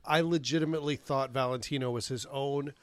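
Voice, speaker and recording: A man's voice: medium pitch, fairly even intonation, a little fast, no room sound. A man co-hosting a podcast, asking questions about a film in an easygoing, casual way. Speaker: podcast co-host. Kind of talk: casual chat.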